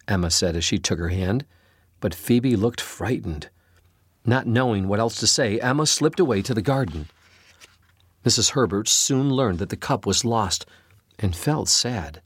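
A man narrating a storybook, reading expressively with an animated delivery. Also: on the low side, unhurried, slightly rough, no echo, studio quality. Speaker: storybook reader.

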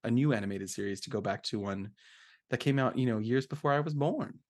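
A man hosting a casual podcast, talking in a relaxed, chatty way with lots of little fillers. His pitch sits in an ordinary middle range. He moves easily between jokes and summing up a plot. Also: a little fast. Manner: chatty, jokey, with frequent fillers and laughs. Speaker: podcast host.

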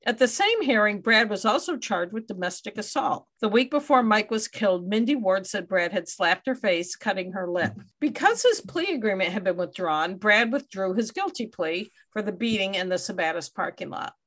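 A woman's voice: mid-range voice, lively intonation, normal speed, few pauses, a bit bright. A woman hosting a true crime podcast, reading out case details and adding wry asides. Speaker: podcast host.

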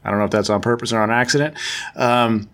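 A man's voice: on the low side, fast, fairly bright tone. A man hosting a podcast, recapping a comic book story in a casual, rambling way, full of fillers and self-corrections. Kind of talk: casual chat.

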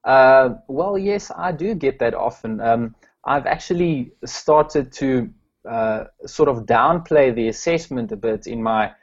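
A man's voice: mid-range voice, lively intonation, a little slow, dull audio. A man from South Africa, a strengths coach, answering interview questions with many fillers and restarts.

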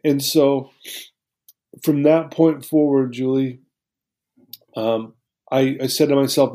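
A man's voice: mid-range voice, level tone, slow, long pauses, mellow. A middle-aged man telling his life story to an interviewer, earnest and emotional, with many restarts. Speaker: guest.

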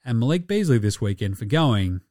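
A young Australian man hosting a casual solo sports podcast, sweary and laughing through animated asides. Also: mid-range voice, brisk, noisy background. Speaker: podcast host.

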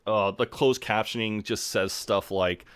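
A man's voice: fairly low pitch, steady tone, a little slow, a bit bright, clean tone. A young man co-hosting a podcast, recapping a TV episode in a sweary, chatty way. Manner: sweary, chatty, retells scenes with relish. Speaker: podcast co-host. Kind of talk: casual recap chat.

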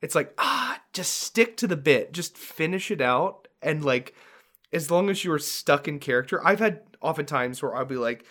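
Young man, podcast co-host, a bit high-pitched, animated, bursts into silly character voices. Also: normal speed. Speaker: podcast co-host, dungeon master. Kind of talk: casual chat with acted character voices.

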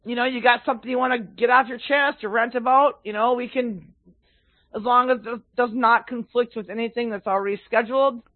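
Here's a man with a very high voice on a headset mic, chatting loosely on a podcast and cursing freely when something riles him. The sound is thin and phone-like, and it's bone dry. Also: fairly even intonation, brisk, no room sound. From upper Midwest of the United States. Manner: profane, blunt, loud outbursts. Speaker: podcast co-host. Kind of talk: casual chat. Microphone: cheap headset microphone. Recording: phone-like narrow band, dry.

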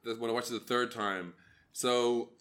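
A man's voice: medium pitch, steady tone, noisy background. A man co-hosting a podcast in casual film chat, talking loosely and swearing freely. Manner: loose, profane, drops into quick impressions. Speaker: podcast co-host.

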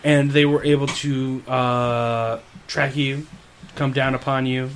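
A man's voice: mid-range voice, little pitch movement, slow. A man leads a casual tabletop game session, rambling through his points with plenty of "like" and "uh". His voice sits in the middle range. Faint noise hums under the recording. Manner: rambling, filler-heavy, laughing. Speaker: game master.

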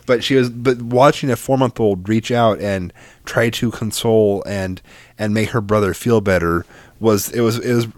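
A man's voice: lowish voice, moderate pace, no echo. A young man co-hosting a casual podcast chat, telling stories in a rambling, profane way with many restarts. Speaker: podcast co-host.

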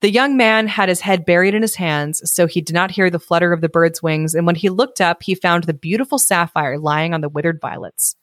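Woman, podcast host, story reading, joking asides, lowish voice, dry close sound. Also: a little fast, few pauses, no echo. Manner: breaks off reading for joking commentary.

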